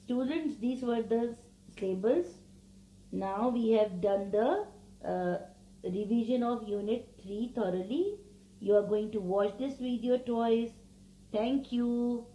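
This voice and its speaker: A woman teacher talks young pupils through a revision lesson at an unhurried, deliberate pace. She repeats each example word so the class can follow. Her mellow voice rings in a roomy, echoing space. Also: a little high, muffled recording, a little hiss or hum. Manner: slow, patient, repeats words for children.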